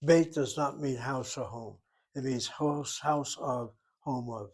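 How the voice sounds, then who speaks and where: A man's voice: mid-range voice, takes it slowly, a little mellow. Man, Hebrew teacher, methodical, explains step by step, informal lesson.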